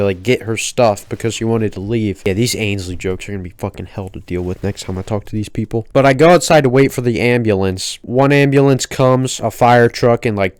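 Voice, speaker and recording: A young man in his late teens telling a rambling, profane story in a casual, deadpan way. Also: fairly low pitch, clear, resonant tone, dry recording. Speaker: storytelling vlogger.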